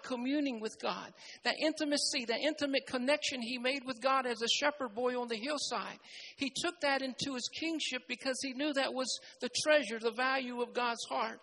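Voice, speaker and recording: High-pitched preacher giving a sermon, keeps repeating phrases, gets loud and emphatic. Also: slight background noise, rough recording.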